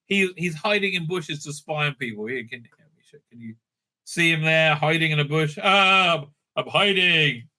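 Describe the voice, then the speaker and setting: Bright-voiced man mocking a reality show. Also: a little high, normal speed. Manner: crude, mocking, rambling with many fillers. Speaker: show recap host. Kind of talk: casual recap commentary. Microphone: streaming setup mic.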